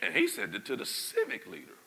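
A man preaching a sermon. He moves from low conversational asides to loud shouted preaching and calls for the congregation to answer him. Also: a little fast. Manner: call-and-response with the congregation. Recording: long hall reverb.

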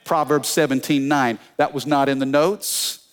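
A man preaching a sermon as pastor, energetic, telling funny stories and calling out to the congregation. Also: mid-range voice, unhurried. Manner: energetic preaching with call-and-response; storytelling with humor.

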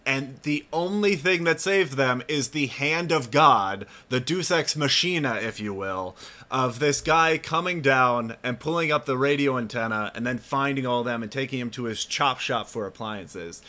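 A man's voice: mid-range voice, moderate pace, sharp tone. A man co-hosting a podcast, chatting loosely about a film and laughing easily. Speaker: podcast co-host. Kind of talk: casual film discussion.

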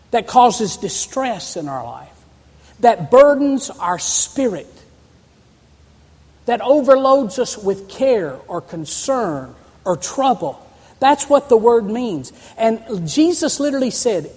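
A man's voice: sits high, a little mellow, breathy edge. A man preaching a sermon as pastor, calling on the congregation to answer back and turn to scripture. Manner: preaching with call-and-response to the congregation. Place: church sanctuary. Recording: long reverb of a church hall.

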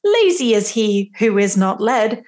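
A woman's voice: medium pitch, very animated, measured pace, a little mellow. A woman co-hosting a podcast in casual chat, laughing often as she talks. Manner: giggly, laughs often between lines. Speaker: podcast co-host.

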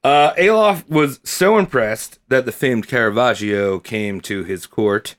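A man's voice: mid-range voice, unhurried. A tipsy man casually telling a history story on a comedy podcast, often stumbling over words and laughing.

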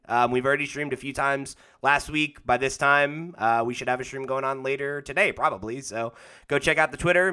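A man hosts a casual podcast with a bright, forward voice. He is jokey and upbeat and drops plenty of fillers as he runs through his plugs. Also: mid-range voice, clean tone. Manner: jokey, energetic, lots of fillers. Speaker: podcast host.

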